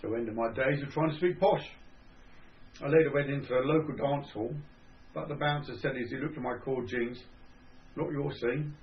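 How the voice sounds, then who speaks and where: An older man with a Cockney (Estuary) accent reading his own memoir in a measured, dry storytelling manner. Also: medium pitch. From England. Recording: dull lo-fi recording.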